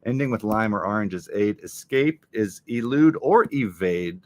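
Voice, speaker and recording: Reading crossword clues out loud on his live stream, this host mutters his guesses as he solves. His voice is lowish, expressive and a little mellow, moving at a normal speed in a casual puzzle-solving session.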